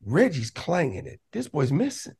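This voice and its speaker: A man talking casually as a podcast guest, telling lively stories and breaking into raised voices to act out what others said. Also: on the high side, normal speed, creaky, breathy edge. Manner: animated, laughing, acts out quotes in raised voice. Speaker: podcast guest, basketball coach. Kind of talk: casual storytelling.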